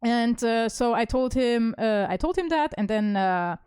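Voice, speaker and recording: A woman streamer telling a story casually, with sarcastic asides and lots of halting fillers and restarts. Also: a little high, darkish tone, smooth, dry recording, studio quality. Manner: sarcastic asides while reading messages.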